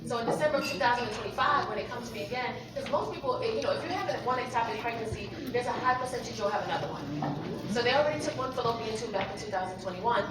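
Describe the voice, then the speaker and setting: A woman doing stand-up on a comedy club stage, loud and profane, shifting from hushed to shouting. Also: on the high side, rapid-fire. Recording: echoey club from far off, loud crowd and noise.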